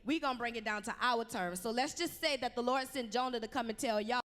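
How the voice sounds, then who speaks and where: A woman's voice: a little high, quick pace, fairly bright tone, long reverb tail. A woman preaching a conversational youth sermon in a church, full of slang and call-and-response with the crowd. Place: church sanctuary.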